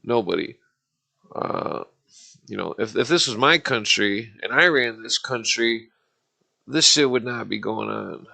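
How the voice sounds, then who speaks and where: A gravelly man rants on his livestream, swearing constantly. His voice is bright and edged, and he rambles angrily, restarting his sentences. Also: mid-range voice, unhurried. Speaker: livestream host. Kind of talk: ranting political livestream.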